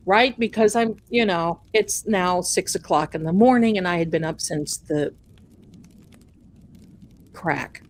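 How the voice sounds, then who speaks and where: A woman hosting a live stream tells a chatty, self-mocking story in an unhurried, folksy way. A faint background noise sits under her voice. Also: fairly low pitch. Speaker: livestream host.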